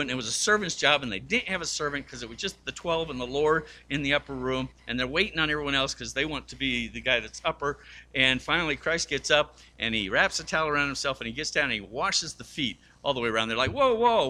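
A man preaches with a very bright, forceful voice, at an ordinary pitch. He tells stories as he goes and briefly acts out the people in them. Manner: storytelling, acts out quoted voices. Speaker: pastor. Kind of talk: sermon.

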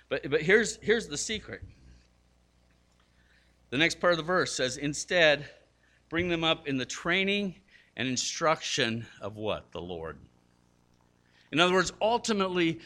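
An older man preaching a sermon in a bright, forceful voice. He tells stories with lively energy, jumping up in pitch to act out what people said, and is quick to poke fun at his own mistakes. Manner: animated storytelling, acting out quotes with big pitch jumps; self-deprecating. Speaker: pastor.

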